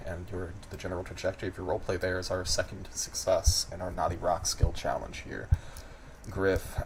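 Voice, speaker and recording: A man narrating as game master, describing scenes in a lively way and prompting players. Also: low-pitched, noisy background.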